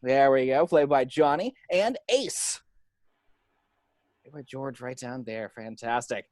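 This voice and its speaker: Man host, casual and laughing, animated voice, dry close sound. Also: mid-range voice, slow, no echo. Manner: chatty, laughing, apologetic asides. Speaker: table read host. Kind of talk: casual hosting chat.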